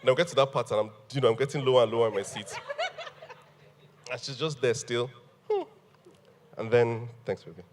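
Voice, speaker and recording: A man telling an animated story on a panel, laughing and acting out what people said. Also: mid-range voice, brisk, pauses often, big-room sound, noisy background. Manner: animated, laughing storyteller who acts out quotes. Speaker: guest.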